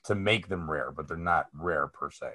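Low-voiced man, blunt casual banter. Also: moderate pace, sharp tone, slightly rough. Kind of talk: casual chat.

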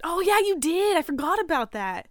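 A woman's voice: very high voice, very animated, normal speed, no room sound, clean studio sound. A woman co-hosting a podcast in casual chat, playful and giggly, swearing freely. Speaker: podcast co-host.

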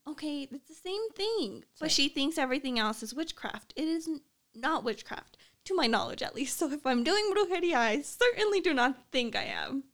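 Young woman cohost, chill and dry teasing, kinda high voice. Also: very animated, normal speed, fairly bright tone. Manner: laid-back, dry teasing. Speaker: podcast co-host. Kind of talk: casual chat.

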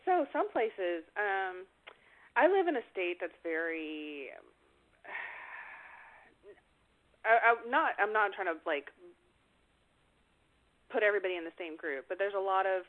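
A woman telling everyday stories in casual chat, rambling with lots of fillers and restarts. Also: mid-range voice. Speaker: conversation partner. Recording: tinny phone-like line.

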